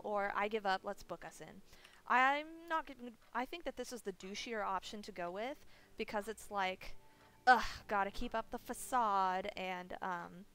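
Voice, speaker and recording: A woman's voice: medium pitch, fairly bright tone. A woman streaming a game, chatting casually and rambling with lots of fillers and restarts as she shares strong opinions. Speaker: streamer playing a horror game. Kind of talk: casual gaming commentary.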